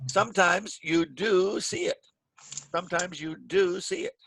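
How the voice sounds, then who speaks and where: A man teaching an English grammar class over a video call, speaking clearly and patiently and stressing the words he models. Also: sits high, measured pace, fairly bright tone, no echo. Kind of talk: online grammar lesson. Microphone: computer mic on a video call.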